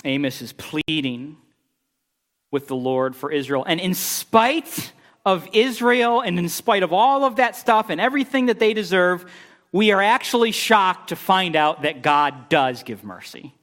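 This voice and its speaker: A middle-aged man preaching a sermon, telling a story with animated, exasperated bursts. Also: a little slow. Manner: animated storytelling, rising pitch when exasperated. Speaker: pastor.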